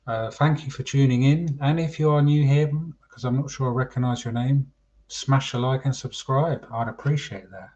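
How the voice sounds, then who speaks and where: A man's voice: medium pitch, mellow. A man hosting a casual football chat livestream, chatty and calling his viewers mate. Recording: dull lo-fi stream audio.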